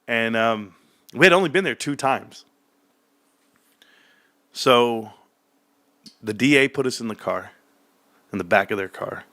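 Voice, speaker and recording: A man's voice: slow, long pauses, no room sound. A man telling a childhood story in casual chat, laughing often and acting out voices. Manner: animated, acts out childhood voices in a high excited pitch.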